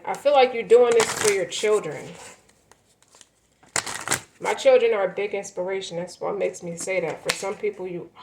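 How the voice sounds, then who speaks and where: A woman's voice: mid-range voice, a little mellow, low-quality recording. Rambling woman giving a tarot reading. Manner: rambling, emphatic, many fillers and restarts. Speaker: tarot reader. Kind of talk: tarot reading, casual spoken.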